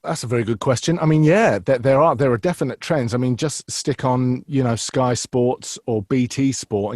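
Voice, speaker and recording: An impressionist talks casually about his craft. He rambles and restarts, with a lowish voice. The recording is dry, with no room sound. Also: darkish tone, no room sound. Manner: rambling, restarts, frequent fillers. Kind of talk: casual interview chat.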